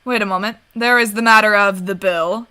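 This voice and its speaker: A woman voicing a creepy, calm male doctor with a flat, measured delivery while reading a game aloud. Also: mid-range voice, clean tone, soft background music, close to an everyday voice. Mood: sinister.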